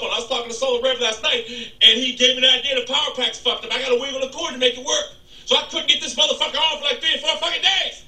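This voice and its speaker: A man ranting angrily and profanely about his computer troubles in a casual vlog, with shouted outbursts. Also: extremely high pitch, far from the mic. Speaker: gaming YouTuber. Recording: echoey room, off the mic.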